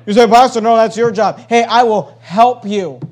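This male pastor's sermon is emphatic, his high-pitched voice alternating between loud and quiet at a normal speed while he repeats phrases to hammer home his point.

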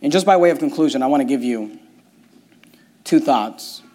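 A male pastor preaching a sermon, reading scripture and swinging between quiet, slow passages and loud, impassioned ones. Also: medium pitch, animated.

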